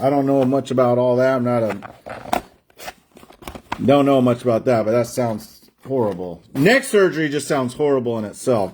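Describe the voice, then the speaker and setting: A man's voice: mid-range voice, a little mellow. A man hosting a sports card break stream, chatting and joking while calling out player names. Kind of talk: livestream card-break banter.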